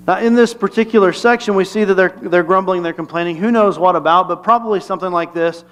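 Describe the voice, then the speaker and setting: A man's voice: high-pitched, quick pace, hardly any pauses, a bit bright, clear, resonant tone. A male pastor giving a conversational, humorous sermon and asking the congregation questions.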